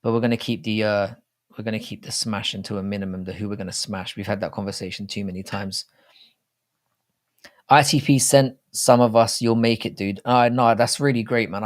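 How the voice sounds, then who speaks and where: A young man hosts a casual live chat stream, reading viewer comments and talking loosely, swearing and calling people "mate" and "bro." His voice is fairly low and a little fast.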